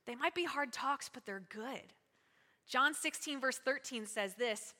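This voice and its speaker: Woman pastor, bright and higher-pitched, lively sermon delivery with congregation call-outs, reverberant church hall. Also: measured pace. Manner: lively, conversational preaching with audience call-outs. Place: church sanctuary.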